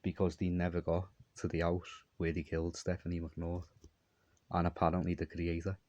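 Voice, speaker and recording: A man's voice: low voice, completely flat delivery, moderate pace, darkish tone, no echo, lo-fi sound. A man telling a long, meandering story in a repetitive monologue. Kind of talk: rambling monologue.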